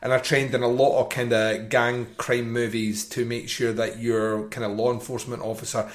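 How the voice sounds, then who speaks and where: A man's voice: medium pitch, flat delivery, normal speed. A man co-hosting a film podcast in casual chat, enthusiastic, laughing often and restarting his sentences. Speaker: podcast co-host.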